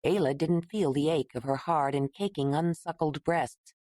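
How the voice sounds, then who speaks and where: A woman narrating an audiobook in a measured, steady way. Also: low-pitched, dry recording, clean studio sound.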